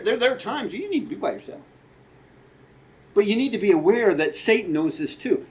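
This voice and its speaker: Middle-aged guy preaching a sermon, pretty high voice, real chatty with little asides. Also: low-quality recording. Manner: conversational, with asides and quoted dialogue. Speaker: guest preacher.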